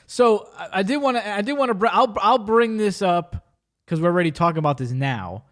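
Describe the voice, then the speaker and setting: This male podcast host has a high voice and a brisk delivery. He chats casually and tells stories full of slang with animated energy, often cutting off mid-sentence to start over.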